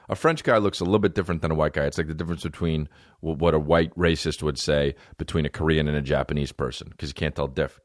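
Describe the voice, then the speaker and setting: In his thirties, this podcast host delivers a meandering, foul-mouthed comic monologue, mocking people by mimicking them in high voices. The sound is dry and clean, like a studio.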